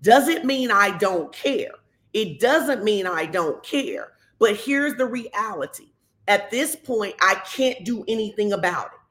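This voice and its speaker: A woman pastor, giving a conversational sermon and telling stories lively, acting out the quotes. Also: mid-range voice, slow. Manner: animated storytelling, acts out quotes.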